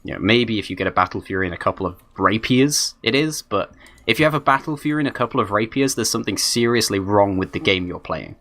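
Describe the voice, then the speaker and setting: A man's voice: lowish voice, animated, quick pace, fairly bright tone, no echo. A man doing live esports color commentary, conversational and analytical. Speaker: esports co-caster.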